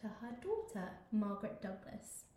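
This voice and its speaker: A woman's voice: medium pitch, sing-song, moderate pace, dark tone. A woman co-hosting a casual history podcast, steering the chat back to the story. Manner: keeps the story on track, narrating events. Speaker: podcast co-host. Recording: roomy echo.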